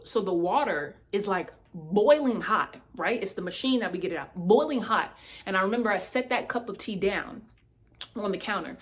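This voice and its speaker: A woman telling a personal testimony in a casual, animated way, speaking straight to her listeners. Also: medium pitch.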